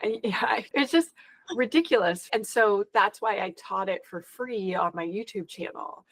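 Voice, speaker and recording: A woman guest on a podcast, telling stories with lots of quoted back-and-forth and a frustrated, animated edge. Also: medium pitch, a little slow, no room sound, rough recording. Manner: animated, exasperated storytelling with quoted dialogue. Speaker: podcast guest, security educator. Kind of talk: conversational interview.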